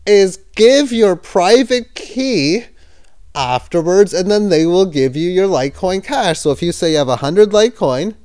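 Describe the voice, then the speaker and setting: Guy talking crypto news, kinda higher voice, smooth, lots of uh and restarts, skeptical. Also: lively intonation, a little slow, a little mellow. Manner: hesitant, with fillers and self-corrections; skeptical and sarcastic. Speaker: crypto market commentator. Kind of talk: casual screen-share commentary.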